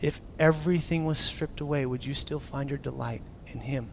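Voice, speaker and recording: A man preaching a casual, animated sermon as a pastor, swinging from loud emphasis down to near-whispers and acting out quotes. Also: medium pitch, moderate pace, creaky, noisy background.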